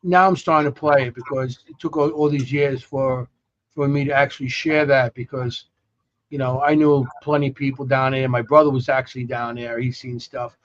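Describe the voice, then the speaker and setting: A man hosting a podcast in a rambling, halting way, with many fillers and restarts as he tells stories. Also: medium pitch, steady tone, highs cut off. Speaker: podcast host. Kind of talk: casual podcast chat.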